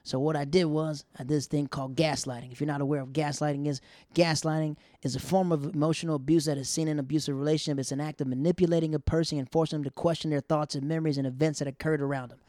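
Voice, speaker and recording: A man tells a funny story from his past in a loose, animated way, slipping into other people's voices. His voice sits a little high. It comes through close and dry, with no room behind it. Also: fast talker, no echo. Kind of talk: comic personal storytelling.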